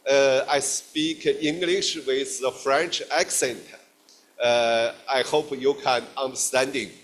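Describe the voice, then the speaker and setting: A middle-aged man from China with a Chinese accent, giving a guest lecture in halting English full of fillers and restarts. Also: medium pitch, steady tone, a bit bright.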